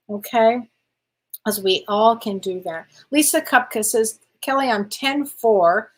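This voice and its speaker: Reading viewer comments aloud during a live Q&A, this older spiritual medium answers in a relaxed, chatty way and laughs a lot. Her voice is a little high with a breathy edge, captured in a low-quality recording.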